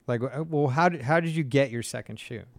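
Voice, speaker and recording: A man's voice: mid-range voice, a little fast, vocal fry, dry recording. A man co-hosting a casual talk show, prodding the guest with curious questions. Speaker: co-host.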